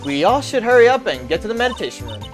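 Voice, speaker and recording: Brash southern woman photographer with a folksy drawl, voiced by a streamer, lively swoops, music under it. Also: mid-range voice, fast, close to an everyday voice. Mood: boisterous. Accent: American Southern.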